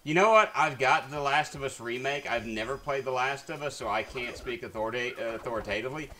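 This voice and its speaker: A man's voice: mid-range voice, steady tone, a little fast, sharp tone, slight background noise. A man streaming a video game, chatting to viewers in a rambling, casual way with lots of fillers and restarts. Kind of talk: casual gameplay commentary. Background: faint game music.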